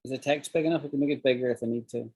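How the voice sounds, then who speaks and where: A man's voice: medium pitch, steady tone, very fast, warm tone, breathy edge. Man, English teacher, online class, acts out example phrases, video call audio. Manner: explains with acted example phrases.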